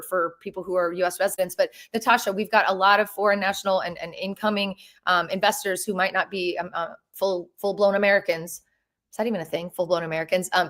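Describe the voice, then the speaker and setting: Woman in her thirties, live stream host, bubbly, chatty, restarts sentences, mid-pitched. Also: fairly bright tone. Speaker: real estate agent and host. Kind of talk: live stream Q&A, casual chat.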